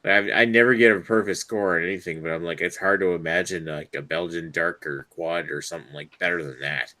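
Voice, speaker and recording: A man with a fairly low voice talks about beer in a loose, boozy chat with friends. He rambles, hesitates over his words and swears now and then. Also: fairly even intonation, fairly quick, sharp tone. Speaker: beer reviewer co-host. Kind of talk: casual drinking chat.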